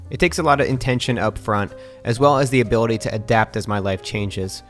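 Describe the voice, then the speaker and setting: A man in his thirties, from the American East Coast, narrating his vlog in a calm, measured and even-toned way. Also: fairly low pitch. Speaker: vlogger.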